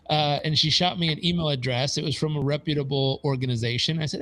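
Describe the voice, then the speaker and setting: A man in his forties, a podcast guest and business consultant, telling stories in an animated way and acting out quoted dialogue. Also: on the high side, quick pace, rough recording. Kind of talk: conversational storytelling.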